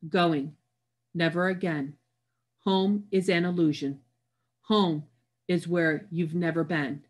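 A woman's voice: lowish voice, fairly even intonation, takes it slowly. Woman voicing a murmuring wind spirit. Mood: mournful. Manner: murmuring, chant-like. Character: haunting, mournful wind spirit.

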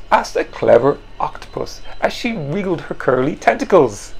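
A man, the author, reading his children's picture book in an animated, playful way and making the sound effects himself. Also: medium pitch, unhurried, gravelly, hardly any pauses, slightly rough.

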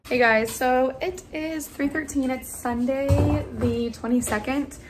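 A woman's voice: high-pitched, steady tone, measured pace, husky, faint music behind. A young adult woman, a kindergarten teacher, talking in a chatty, conversational way to her vlog audience. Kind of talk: casual vlog chat.

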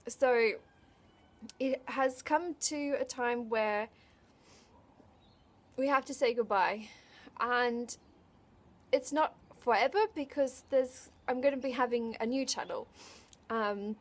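A woman with a high voice speaks unscripted straight to camera, tearful and choked up. She halts often and restarts her sentences as the emotion catches her. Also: slow, long pauses. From Australia. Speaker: vlogger.

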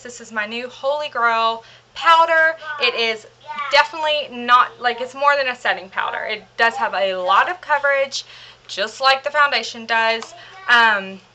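A woman's voice: a little high, moderate pace, sharp tone, a little hiss or hum. A young woman chatting through a makeup haul, gushing and rambling with lots of fillers, a little out of breath as she hurries. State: slightly out of breath, hurrying. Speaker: beauty vlogger. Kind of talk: casual chatty product haul.

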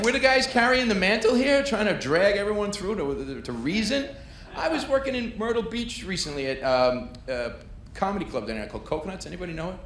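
A man's voice: sits high, very animated, fast. A middle-aged man doing a stand-up set, telling a brash, punchy story and working the crowd. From New York. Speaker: stand-up comedian. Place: comedy club stage. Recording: echoey club with audience noise.

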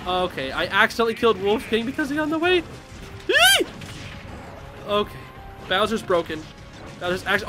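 Young dude streaming games, high lively voice, super excitable, music in the background. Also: male voice, moderate pace, long pauses. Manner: excitable, yelling and laughing at the game. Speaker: streamer playing online matches. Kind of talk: live gaming stream commentary.

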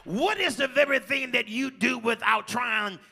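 Singsong high-voiced preacher man. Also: measured pace, gravelly, pushed and bright, slightly rough. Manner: call-and-response preaching, sings phrases. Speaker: pastor. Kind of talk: sermon. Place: large church. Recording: live church stream with music behind.

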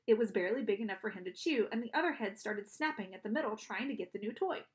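A woman reading a children's novel aloud in an expressive narrating style. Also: medium pitch, fast. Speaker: audiobook reader. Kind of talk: storybook narration.

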